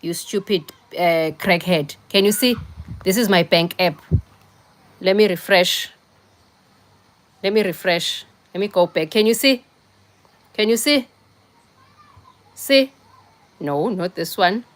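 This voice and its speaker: Slow-talking woman live-streaming to her chat. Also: mid-range voice. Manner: blunt, scolding and chatty, talking to chat. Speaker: livestream host.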